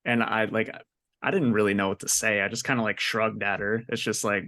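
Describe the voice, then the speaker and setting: A man's voice: fairly low pitch, flat delivery, fairly quick, bright, forceful tone. A young man co-hosting a podcast, telling a story in casual, profane, exasperated chat. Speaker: podcast co-host.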